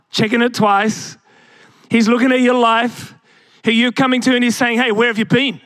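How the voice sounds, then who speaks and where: A man's voice: very high-pitched, a bit bright, no room sound, studio quality. A young man preaching a sermon as pastor, asking the congregation rhetorical questions and calling out to them.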